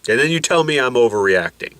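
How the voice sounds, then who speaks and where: A man's voice: medium pitch, expressive, fast talker, a bit bright, no room sound. A man vlogging casually with a congested voice from nasal packing, medicated and a little woozy, rambling and complaining with self-mocking humor. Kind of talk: casual rambling vlog to camera.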